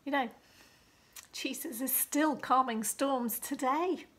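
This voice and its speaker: A woman leading a children's liturgy, telling a Bible story slowly and expressively, often dropping into a hushed whisper and asking the children questions. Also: high voice. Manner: asks the listener questions, slow and expressive.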